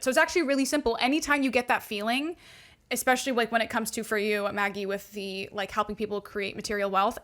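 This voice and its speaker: A young woman talks quickly in a bright, higher voice. She explains astrology to her hosts in a chatty, upbeat way, dropping "like" constantly in casual podcast conversation. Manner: chatty, upbeat, heavy use of "like". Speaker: astrology and alignment coach guest.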